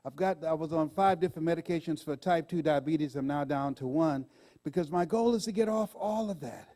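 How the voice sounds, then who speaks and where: A man in his sixties giving a live motivational speech on stage, animated and laughing often as he talks to the audience. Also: fairly high pitch, a little fast. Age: 60s. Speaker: motivational speaker.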